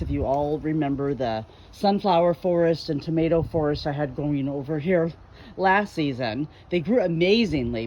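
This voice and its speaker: A woman's voice: low-pitched, warm tone, muffled recording, slight background noise. A middle-aged woman, chatting casually and folksily in a garden vlog, recorded outdoors in her backyard on a handheld camera. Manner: chatty, folksy, rambling with fillers. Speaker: garden vlogger.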